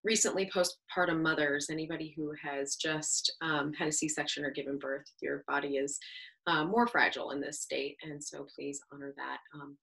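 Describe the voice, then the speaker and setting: A woman yoga instructor leading a baby yoga class for caregivers, talking in a gentle, encouraging, reassuring way with small laughs. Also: sits low, steady tone, normal speed, vocal fry, low-quality recording. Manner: chatty, with fillers and small laughs.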